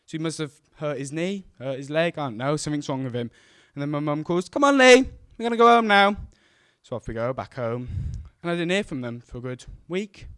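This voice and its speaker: A man's voice: fairly high pitch, a little fast, hardly any pauses, smooth, dry recording, studio quality. A man telling a true story on stage to a live audience, acting out the voices of the people in it. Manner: acts out quoted voices, shouting and mimicking.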